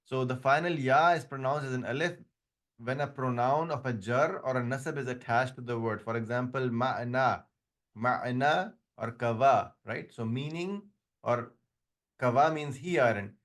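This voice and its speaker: Male Arabic teacher, non-native English, patient explaining, frequent restarts, average pitch. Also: moderate pace. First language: not English; another language first. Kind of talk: online class lecture.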